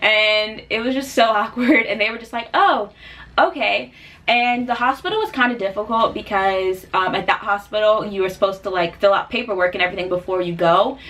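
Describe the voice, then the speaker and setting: A young woman vlogger telling a personal story in a casual, chatty way, full of fillers, getting animated when she quotes people. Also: mid-range voice, a little fast, hardly any pauses. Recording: voice a bit distant from the mic.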